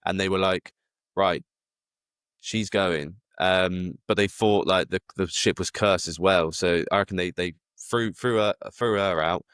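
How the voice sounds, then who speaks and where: Man, very low voice, hesitant rambling podcast talk, dry mic. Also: fairly even intonation, moderate pace, hardly any pauses, a bit bright, smooth, no room sound. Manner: rambling, hesitant with many fillers and restarts. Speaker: podcast co-host. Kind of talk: casual chat.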